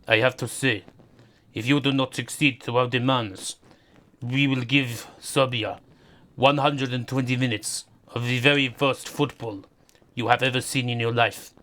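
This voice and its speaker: A man doing a pompous, menacing Russian leader, with slow, drawn-out threats delivered in mock gravity. The voice sits at an ordinary middle pitch for a man, and the is broad and deliberate rather than refined. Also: sharp tone. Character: pompous Russian head of state, male, middle-aged, menacing.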